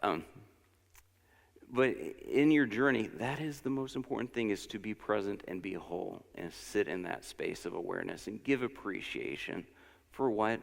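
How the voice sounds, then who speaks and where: Speaking at normal speed, the lesson speaker at this church service keeps things casual, his gravelly low voice slipping into personal stories and words of encouragement. The sermon feels like a conversation, and the sanctuary's long reverb trails after each line.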